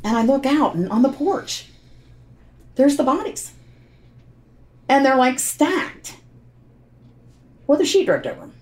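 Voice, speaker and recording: A woman's voice: high-pitched, very animated, unhurried, long pauses, darkish tone. A woman telling, in her own words, what happened to her family, blunt and repeating herself under strain. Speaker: interviewee recounting a family tragedy. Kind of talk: emotional first-person recounting.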